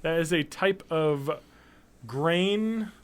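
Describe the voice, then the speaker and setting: A man's voice: fairly high pitch, extremely slow, clear, resonant tone. A man co-hosting a casual podcast, reading out odd news stories with sardonic jokes. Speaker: podcast co-host.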